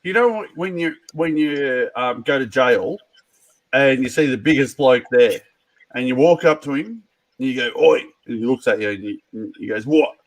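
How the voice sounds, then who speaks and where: A man's voice: mid-range voice, lively intonation, normal speed, dry recording, poor audio. A man hosting a casual call-in chat, joking and rambling with laughs. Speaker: podcast host.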